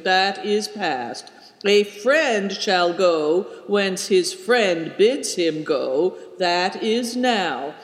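A man voicing a haughty armed male horseman who speaks in a slow singing drawl, in a roomy recording. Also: sits high, pitched above the performer's own voice. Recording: roomy hall reverb.

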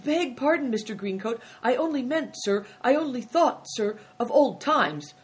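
A fawning, chatty male innkeeper, put on by a woman reading aloud, bowing and scraping as he rambles. His voice rides high and lively, bouncing through every phrase. An audiobook character voice, full of proverbs. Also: moderate pace, lightly acted. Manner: obsequious, rambling, proverb-spouting.

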